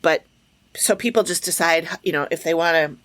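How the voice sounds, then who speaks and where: A woman's voice: deep voice, moderate pace, fairly bright tone, no room sound. A woman hosting a podcast in casual chat, explaining things at length and acting out back-and-forth exchanges. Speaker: podcast host.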